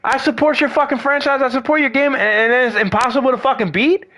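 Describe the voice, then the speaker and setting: A man's voice: very high-pitched, steady tone, fast, pushed and bright. A man ranting in a casual, profane monologue about fighting games, exasperated and slangy. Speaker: gaming vlogger.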